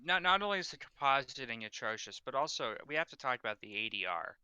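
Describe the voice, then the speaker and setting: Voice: mid-range voice, expressive, fast talker, sharp tone. A podcast co-host in a casual film chat, gushing and giggling over a bad movie.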